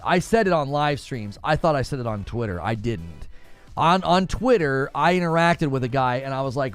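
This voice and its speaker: A man's voice: mid-range voice, normal speed, faint music behind. A man hosting a casual gaming news live stream, talking straight to his chat and mimicking other people's voices. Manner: animated, talks to chat, mimics others in raised voice.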